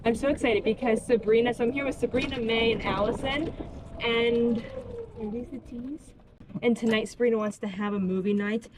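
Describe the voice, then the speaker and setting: A woman's voice: on the high side, steady tone, normal speed, background noise. A young woman talking her way through a round of golf, chatty and coaching herself over each shot. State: out of breath from running between shots. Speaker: golf vlogger. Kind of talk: casual self-narrated golf vlog. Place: outdoor golf course at dusk.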